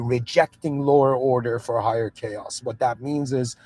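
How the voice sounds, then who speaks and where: A podcast host who moved to Canada at seven speaks earnestly in a reflective monologue, often restarting and checking that the listener follows. His voice is mid-range with a darkish tone, and the recording has no room sound.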